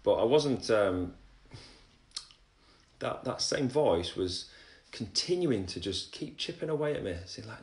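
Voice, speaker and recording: A man talks through a faith testimony in a low voice, wandering from thought to thought and stopping himself mid-sentence. Between stories he reads passages aloud. The sound is roomy and echoey, as if he is in a bare room at home. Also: expressive, a little slow, darkish tone. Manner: rambling, self-interrupting, reads scripture aloud. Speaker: Christian speaker sharing testimony. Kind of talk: casual religious livestream talk.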